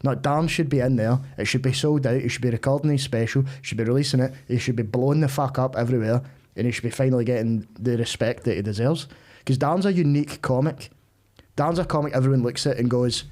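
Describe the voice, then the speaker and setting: A man's voice: mid-range voice, quick pace, darkish tone. A man, a comedian guest in casual chat, blunt and sweary, calling the other man mate.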